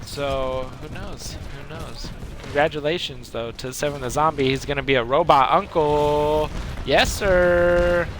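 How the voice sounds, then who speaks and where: A man's voice: a little high, a little slow, noisy background. A man livestreaming a video game, chatting casually, rambling and answering his chat as he plays. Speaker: gaming livestreamer. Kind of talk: casual chat over gameplay.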